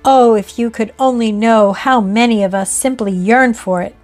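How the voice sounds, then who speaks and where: A woman's voice: fairly high pitch, steady tone, moderate pace, natural voice. A woman reading as a pleading male ghost. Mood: beseeching. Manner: beseeching, soft, urgent.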